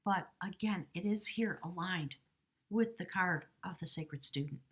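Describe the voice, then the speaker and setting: Soft-spoken breathy woman reading tarot. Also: fairly low pitch. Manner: soft, slow, drifting into whispers; earnest, spiritual. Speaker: tarot reader. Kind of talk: channeled tarot reading to camera.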